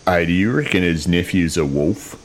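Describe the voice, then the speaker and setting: A man's voice: low-pitched, lively intonation, moderate pace. A man voicing a crude, constantly swearing male adventurer in a tabletop game.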